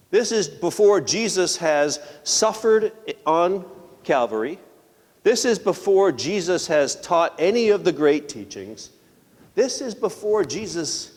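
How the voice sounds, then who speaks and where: A male pastor giving a sermon in a conversational, animated way, often asking the congregation rhetorical questions. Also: on the high side, slow. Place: church sanctuary. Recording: long church reverb.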